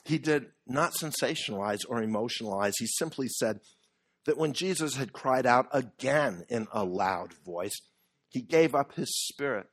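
A man preaching a sermon earnestly, with measured pauses that build to emphatic peaks. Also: mid-range voice, lively intonation, slightly rough.

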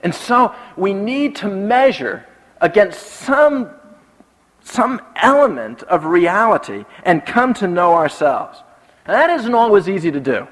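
A pastor giving a sermon, telling personal stories and repeating key lines for emphasis. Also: male voice, high voice, very animated, unhurried, fairly bright tone. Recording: long reverb from a large hall.

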